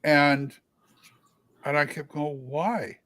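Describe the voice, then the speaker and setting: A man's voice: mid-range voice, unhurried. A man co-hosting a livestream, telling rambling anecdotes in casual chat with many fillers. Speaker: livestream co-host and theater actor.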